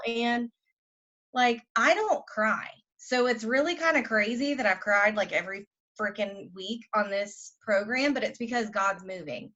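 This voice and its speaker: Woman, team leader, fervent preachy pep talk, loud-to-soft swings, dull lo-fi call audio. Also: medium pitch, unhurried.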